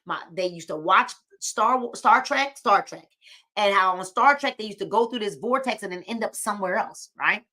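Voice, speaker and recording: A woman's voice: mid-range voice, brisk, hardly any pauses, sharp tone. A woman hosting a live book club stream, preachy and encouraging, often repeating her phrases.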